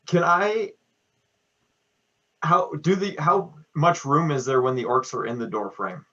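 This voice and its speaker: A man's voice: a little high, big pitch swings, a little slow, bright, forceful tone, muffled recording. A man playing a tabletop game who talks hesitantly, thinking aloud about his moves. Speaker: player. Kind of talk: casual game talk.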